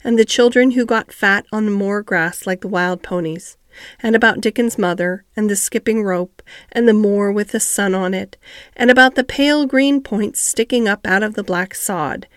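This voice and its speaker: A woman narrating a classic children's novel steadily and clearly as an audiobook reader. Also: a little high, normal speed, no echo, studio quality. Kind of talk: storybook narration.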